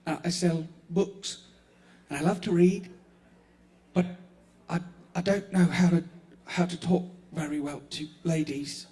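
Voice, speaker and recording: A man's voice: a little high, fairly even intonation, a little slow, pauses often, pitched above the performer's own voice, natural voice. A man doing a stammering nervous bookstore clerk. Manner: stammering, timid, soft-spoken. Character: shy nervous male bookstore clerk, awkward.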